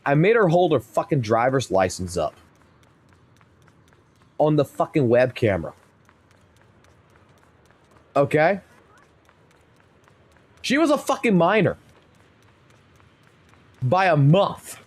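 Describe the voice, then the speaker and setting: A man's voice: a little high, sing-song, slow pace, long pauses, breathy edge. A man in his thirties telling a story on a live stream, blunt and heated, swearing constantly.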